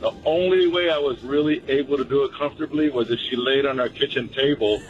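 A man who works as a mortician, calling in to a radio show and telling a story in a halting way. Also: mid-range voice, highs cut off, faint music behind. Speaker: caller, a mortician. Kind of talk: casual anecdote.

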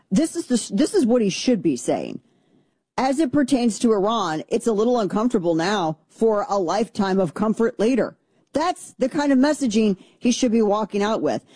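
A woman's voice: medium pitch, dark tone, dry recording. A woman hosting a political talk radio show, talking in a blunt, combative and sarcastic way into a studio microphone.

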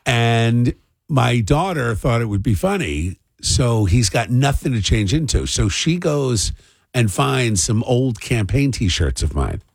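A middle-aged man hosts a morning radio talk show, his mid-range voice slow and creaky with a breathy edge and no echo. He's an animated, rambling storyteller who rants his way through morning banter and commentary.

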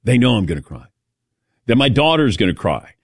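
A middle-aged man hosting a casual sports talk show, animated and self-mocking as he calls on his co-hosts by name. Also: medium pitch, fairly quick, husky, dry recording, clean studio sound. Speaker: radio show host.

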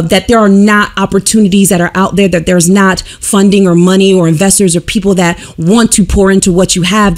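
A woman speaking as a radio studio guest, emphatic and storytelling in a casual chat. She pushes her points hard and lets emotion show in her voice. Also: medium pitch.

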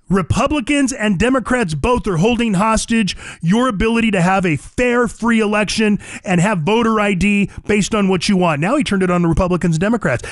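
A man's voice: sits high, dry recording, studio quality. A man hosting a talk radio show, delivering an emphatic, fired-up opinion monologue and repeating phrases for punch.

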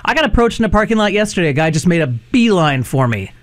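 A man in casual chat, telling his own story with quick interjections. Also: high voice, sing-song.

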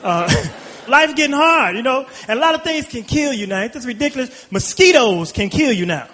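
A man's voice: extremely high pitch, animated, moderate pace, sharp tone, slight background noise. A stand-up comedian from Chicago, a man, talking loosely and chattily to the crowd. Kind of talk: stand-up set to a live crowd. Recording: live club with reverb and crowd.

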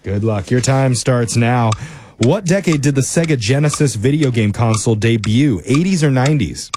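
A man hosting a radio quiz segment, teasing the players and reading questions briskly. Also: mid-range voice, expressive, dark tone, slight background noise. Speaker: radio show host running a quiz game. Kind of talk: upbeat radio banter. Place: radio studio.

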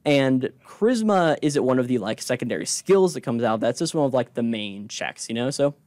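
A man's voice: medium pitch, animated, moderate pace, a little mellow, dry recording. Rambling male game master, dry mic. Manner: rambling, explains rules with many fillers. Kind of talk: narrating a tabletop game.

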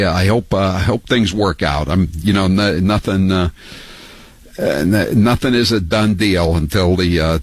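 An older man hosting a talk radio show, talking in a halting way with many fillers and mocking asides. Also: deep voice, breathy edge, dry recording, poor audio. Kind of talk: talk radio monologue and calls.

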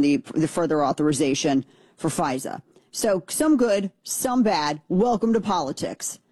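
Woman, political commentary host, low-pitched, mellow dark tone, opinionated, chatty asides, dry close sound. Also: slightly rough, dry recording. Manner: conversational, opinionated, frequent restarts and asides.

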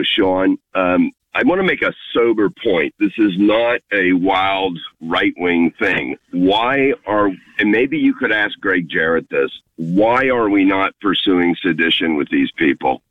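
A male caller heard over a tinny, narrow phone line with a dry sound. His voice is very deep, and he speaks earnestly and insistently. He keeps pressing his point. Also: dry recording.

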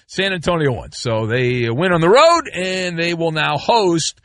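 A man's voice: on the high side, unhurried, hardly any pauses, no room sound. A middle-aged man hosting sports talk radio, ranting and joking with mock outrage and rambling asides. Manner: animated, rambling, sarcastic rants with mock outrage.

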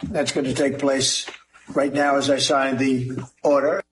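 A man's voice: mid-range voice, steady tone, a little slow, a bit bright, reverberant, a little hiss or hum, poor audio. A man making a declarative public announcement.

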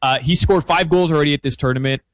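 A fairly high-voiced man talks through his betting picks in a casual sports chat. He gets excitable, restarting his sentences and scattering fillers. The sound is dry and close. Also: fast, no room sound. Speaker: sports analyst guest.

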